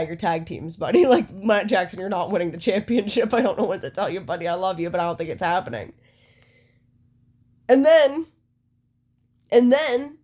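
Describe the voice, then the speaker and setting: A young adult woman co-hosting a podcast, recapping a show in casual chat with profane, animated storytelling. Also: lowish voice. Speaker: podcast co-host.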